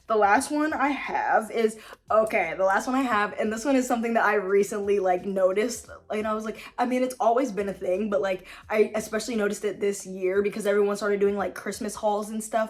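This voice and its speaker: A woman's voice: medium pitch, brisk, soft background music. A young woman vlogging, ranting casually to camera with lots of fillers, sassy asides and frequent laughs. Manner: chatty, filler-heavy, sassy, laughs often. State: tired late-night voice-over. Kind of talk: casual opinion rant to camera.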